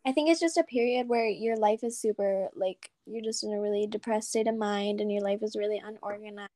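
A young woman co-hosting a podcast in casual chat, teasing, apologetic and quick to laugh. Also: medium pitch, dark tone. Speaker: podcast co-host.

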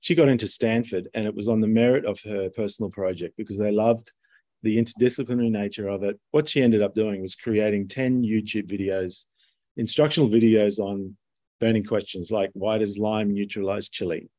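A man with a low, mellow voice talks through his points at an easy, rambling pace, leaning on "you know" as he goes. The sound is dry and close, with no room around it. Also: steady tone, a little fast, no room sound. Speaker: podcast guest, educator. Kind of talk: casual conversation.

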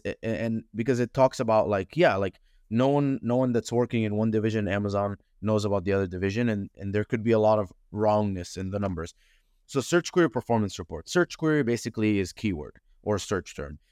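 A man talking as a podcast guest in a casual, frank and animated way, with frequent fillers and casual swearing. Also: fairly low pitch, no room sound, clean studio sound. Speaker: podcast guest, advertising consultant. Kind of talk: casual conversational interview.

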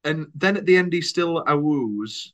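A man's voice: on the high side, lively intonation, measured pace. A man co-hosting a podcast in casual, joking chat, laughing often. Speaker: podcast co-host.

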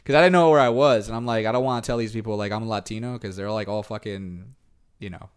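Puerto Rican man, brisk and clear-voiced, loose code-switching storyteller. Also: lowish voice, steady tone. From born in New York, raised in Puerto Rico. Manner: switches between English and Spanish, many fillers, quotes others in raised voices. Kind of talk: casual bilingual chat.

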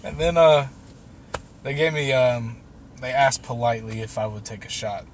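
A man's voice: medium pitch, normal speed, crowd noise. A young man telling a long personal story in a loose, casual way, swearing and laughing now and then. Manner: loose and profane, laughing through the tale.

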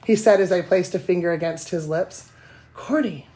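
A woman with a breathy voice reading erotic fiction aloud, a bit self-conscious. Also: lowish voice, normal speed, dark tone. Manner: self-conscious, giggly between passages. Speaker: guest reader.

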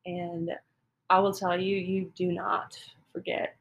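Chatty woman with a gravelly edge. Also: fairly low pitch, little pitch movement, takes it slowly, dull audio, a little hiss or hum. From Texas. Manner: self-deprecating, chatty, many fillers like "um" and "like". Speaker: guest telling a personal story. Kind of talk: casual conversational storytelling.

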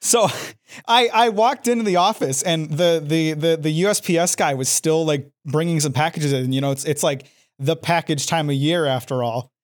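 A man chatting casually, his voice sitting a bit on the high side. He tells a story with constant stammered restarts and casual swearing. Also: moderate pace. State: out of breath after running up stairs. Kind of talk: casual chat.

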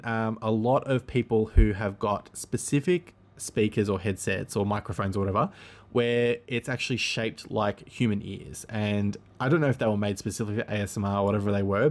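A man hosting a casual solo podcast monologue, rambling and easygoing, with frequent ums and self-corrections. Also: fairly low pitch.

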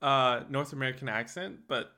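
A woman's voice: very deep voice, steady tone, normal speed, bright, forceful tone. A young woman co-hosting a podcast in casual chat, teasing and swearing playfully. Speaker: podcast co-host.

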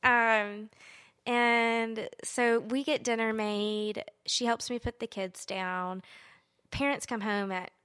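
Young woman, casual storytelling, rambling, lots of "like", somewhat high voice. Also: steady tone, takes it slowly, fairly bright tone, clear, resonant tone. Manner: rambling, heavy use of "like", acts out quotes. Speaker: podcast co-host telling a story.

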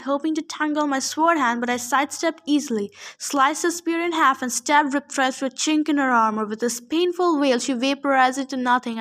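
A woman reading a novel aloud, expressive first-person narration. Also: sits high. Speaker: audiobook reader.

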